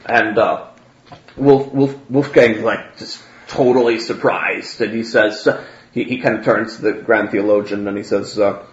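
A man's voice: on the low side, fairly even intonation, measured pace. A man narrating as game master, hesitant and full of fillers. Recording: roomy, dull, faint noise.

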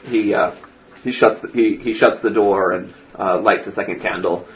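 A man narrating as game master of a tabletop game, often halting and repeating words. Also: fairly low pitch, steady tone, highs cut off. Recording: noisy home recording.

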